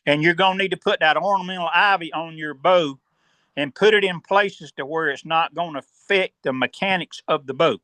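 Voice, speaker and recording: A man with a Southern US accent lays out his advice step by step, patient and instructive, pausing now and then to clear his throat. His voice sits a little high and bright. The sound is close and dry, with no room around it. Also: no echo. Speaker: guest turkey hunting expert. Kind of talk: casual podcast explanation.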